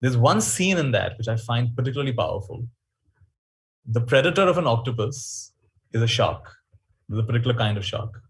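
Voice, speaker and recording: A man speaking in a webinar, telling stories in an animated, reflective way. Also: mid-range voice, normal speed, husky. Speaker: workshop speaker. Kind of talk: webinar talk.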